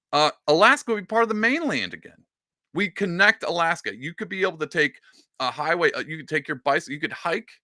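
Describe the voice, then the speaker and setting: Animated joking male livestream host. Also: medium pitch, no echo, clean studio sound. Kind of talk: casual comedic political rant.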